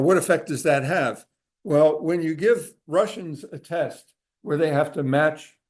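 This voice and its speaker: A man giving a talk to a group in a room, explaining at an easy pace with frequent filler pauses. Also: a little high. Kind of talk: conversational lecture. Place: room with a live audience.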